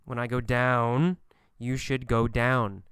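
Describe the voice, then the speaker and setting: A man teaching an English lesson, speaking slowly and emphatically and repeating phrases for learners to copy. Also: medium pitch, little pitch movement, a bit bright, clear, resonant tone, no room sound, clean studio sound. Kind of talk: scripted language lesson.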